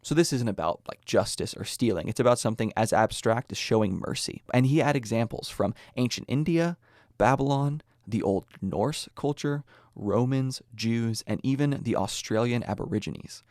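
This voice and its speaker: A man's voice: mid-range voice, moderate pace, a little mellow, no room sound, studio quality. A young American man hosting a podcast, explaining ideas earnestly with small personal asides. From United States. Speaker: podcast host. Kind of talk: scripted explanatory talk.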